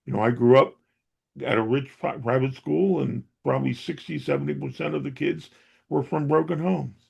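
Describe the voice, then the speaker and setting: A middle-aged man with a gravelly, slightly husky voice, speaking as an interview guest. He tells his family memories in an earnest, reflective way, at a moderate pitch. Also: steady tone, moderate pace, a little mellow, dull audio. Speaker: interview guest, helps dementia caregivers. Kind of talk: conversational personal storytelling.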